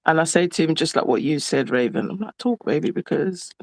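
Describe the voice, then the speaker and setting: A woman hosting a casual nail chat, relaxed and frank, swearing offhandedly while she works. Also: sits low, fast talker, dry recording. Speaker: nail artist host.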